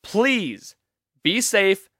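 A young man talks through a casual solo podcast in a slightly raised voice. He is emphatic and rambling, full of swearing and quick restarts. The sound is dry and close, with no room around it. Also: high voice, big pitch swings, bright, forceful tone, no echo. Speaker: podcast host.

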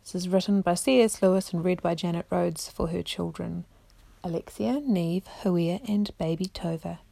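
A woman's voice: lowish voice, steady tone, moderate pace, vocal fry, dark tone, no room sound. Mother reading a storybook aloud.

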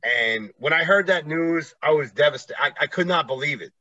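A man in middle age hosts a relaxed conversation, rambling freely and laughing often. His voice is bright and forward. The recording is dry and a little dull. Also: fairly high pitch, brisk, no room sound. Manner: laid-back, rambling, laughs easily. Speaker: podcast host. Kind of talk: casual chat.

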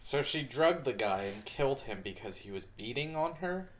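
A man's voice: medium pitch, animated, moderate pace. A man making puzzled, questioning remarks about a story being read, in casual chat. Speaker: listener reacting to a reading.

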